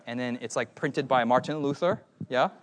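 A man preaching at a youth conference in a playful, animated way, often calling out to the audience. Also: medium pitch, moderate pace, a little hiss or hum. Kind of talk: sermon.

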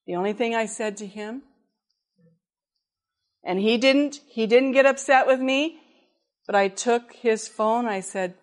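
A woman delivering a sermon as a personal story, talking in an easy, conversational way. Her voice sits a little high, and she chuckles now and then as she goes. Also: measured pace, pauses often. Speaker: preacher.

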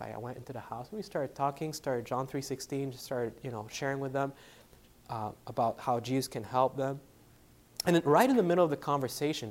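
Male preacher with a mid-range voice, telling a story conversationally, hushed on quotes, louder when stressing a point. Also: mid-range voice. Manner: conversational storytelling, dropping to a hush for quoted lines, rising for emphasis; frequent fillers and self-corrections. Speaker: preacher, literature evangelist. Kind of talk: sermon with personal story.

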